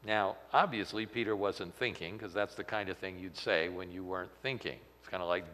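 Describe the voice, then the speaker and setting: A man teaching through a Bible passage as a pastor, animated and acting out the quotes with sudden loud emphasis. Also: sits low, fairly quick, hardly any pauses, a little hiss or hum. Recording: long hall reverb.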